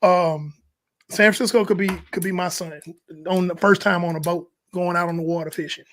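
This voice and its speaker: A man co-hosting a sports podcast, talking casually and acting out what players might say in quick changing voices. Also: sits high. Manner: animated, acts out quotes in shifting voices. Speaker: podcast co-host.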